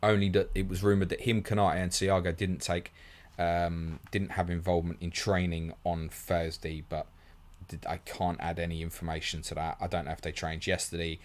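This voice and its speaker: Low-voiced man rattling through questions. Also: flat delivery, normal speed. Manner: blunt, matey, rattles through questions, calls everyone mate. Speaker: fantasy football stream host. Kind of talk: fast live Q&A reading viewer questions.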